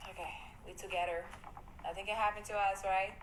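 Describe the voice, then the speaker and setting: A young woman livestreaming from her home, talking to her viewers in a jumpy, excitable way and pleading with them and her dog. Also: medium pitch, a little fast, noisy background. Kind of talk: casual livestream chat. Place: home at night.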